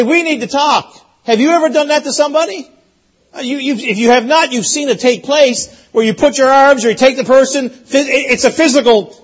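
High husky preacher man, emphatic. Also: highs cut off. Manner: emphatic, repeats phrases, rises to loud peaks. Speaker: pastor. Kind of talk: sermon.

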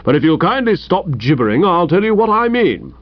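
A man voicing a hearty, brusque older woman with a loud ringing voice. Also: sits high, very animated, a little fast, no echo, highs cut off, pitched above the performer's own voice.

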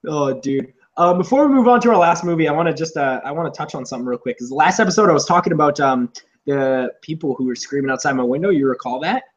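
A man co-hosting a podcast, chatting casually in a rambling, profane way and acting out loud shouted quotes. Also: on the high side, lively intonation, fast talker, muffled recording. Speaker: podcast co-host. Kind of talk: casual comedic chat. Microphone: on camera, seated.

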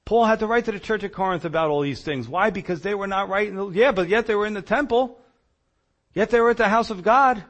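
A man's voice: high-pitched, fast talker, a bit bright. A man preaching a sermon as a pastor, reading scripture aloud and pressing his points with passion.

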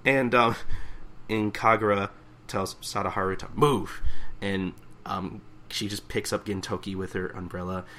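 A man's voice: lowish voice, steady tone, unhurried, sharp tone. A young man co-hosting a podcast, casually retelling a manga chapter and acting out the characters' lines in raised voices. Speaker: podcast co-host. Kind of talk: casual manga recap chat.

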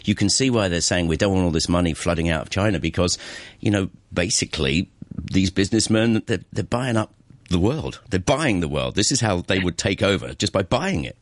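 Brief: male radio host, very low voice, joking chat, dry studio sound. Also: expressive, dry recording. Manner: chatty, quick to joke and laugh.

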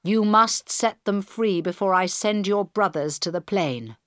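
A woman reading the part of a female prime minister in a crisis, loud, urgent and commanding. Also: medium pitch, a little slow, dry recording, studio quality, close to an everyday voice.

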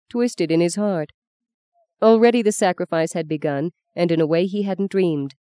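A woman narrating a novel as an audiobook in a measured, expressive storytelling voice. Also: lowish voice, dry recording. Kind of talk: scripted narration.

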